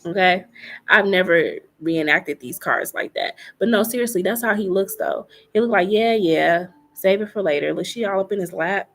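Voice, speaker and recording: At a normal speed and with a mid-range, slightly bright voice, this woman gives a live tarot reading. She chats along, says things more than once, and plugs silences with fillers and little asides.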